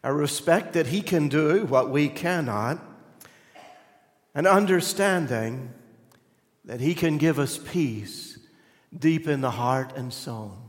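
A man's voice: a little high, slow, pauses often, big-room sound. A male pastor preaching a sermon in a conversational, storytelling way, earnest and reflective.

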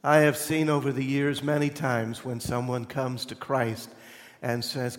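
A man's voice: mid-range voice, level tone, measured pace, long reverb tail. A male pastor preaching a sermon in a conversational, storytelling way, earnest and reflective.

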